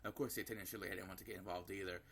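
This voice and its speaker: Low creaky man reading a game aloud. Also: steady tone, racing, fairly bright tone, a little hiss or hum. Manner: reading with slips and self-corrections. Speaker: gameplay narrator. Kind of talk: reading a visual novel aloud.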